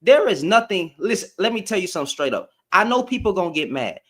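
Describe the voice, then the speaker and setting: A man's voice: sits high, big pitch swings, fast. A man hosting a live stream, ranting back at commenters in slangy, confrontational talk and repeating lines for emphasis. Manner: addresses commenters directly, slangy.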